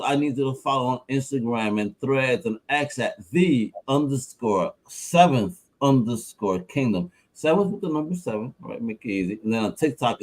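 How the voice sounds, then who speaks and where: A man hosting a casual podcast interview, animated and slangy, laughing often and acting out quotes. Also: lowish voice, low-quality recording. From New York. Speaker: podcast host.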